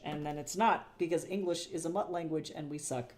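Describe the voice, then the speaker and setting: A chatty, rambling streamer talks casually while drawing at home. The voice sits at an everyday middle pitch and wanders through self-corrections and repeated phrases. Casual swearing slips in along the way. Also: fairly quick, hardly any pauses. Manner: swears casually and laughs at own jokes. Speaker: artist streaming live commission work.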